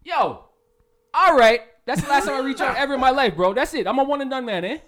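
A man co-hosting a podcast, bantering loudly with lots of swearing and laughter. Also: very high-pitched, fast. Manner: loud, profane, animated banter. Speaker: podcast co-host. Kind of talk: casual chat.

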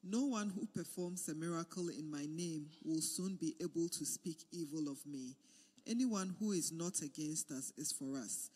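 A man reading scripture aloud in a steady, measured way during a sermon. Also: on the high side, long reverb tail. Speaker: scripture reader.

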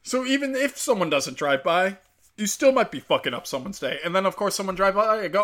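A man hosting a casual solo rant, swearing freely and rising loud and high when he retells arguments. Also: expressive, a little fast. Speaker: podcast host.

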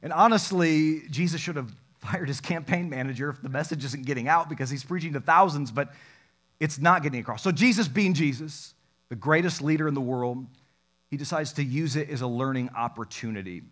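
Guy pastor preaching, kinda high voice, jumps loud then quiet, joking around. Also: fairly quick. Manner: animated, jokey preaching with sudden loud and soft turns. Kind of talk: sermon.

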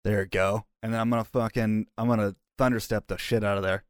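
A man's voice: fairly low pitch, steady tone, fast, smooth, no echo. Casual male tabletop player, dry sound. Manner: loose, rambling, laughs, swears.

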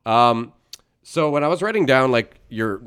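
A man's voice: mid-range voice, lively intonation, measured pace, a bit bright, smooth, no echo, studio quality. A man hosting a podcast in casual chat, laid-back and swearing freely. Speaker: podcast host.

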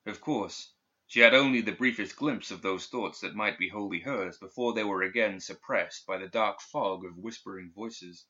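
A man reading a dark fantasy story aloud in steady, even scripted narration. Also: on the low side, normal speed, breathy edge. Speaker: audiobook narrator. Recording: dull lo-fi recording.

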